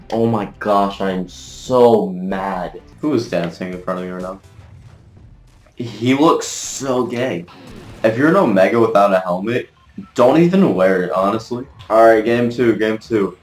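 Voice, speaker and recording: A man giving live gameplay commentary as a gaming video creator, excitable, cursing mildly and trash-talking his opponents. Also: fairly low pitch, a little slow. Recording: roomy echo.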